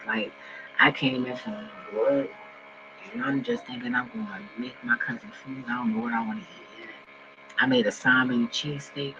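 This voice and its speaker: A man ranting casually and profanely to his viewers from home, swinging between loud outbursts and low mumbling. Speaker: vlogger. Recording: dull lo-fi recording with faint mains hum.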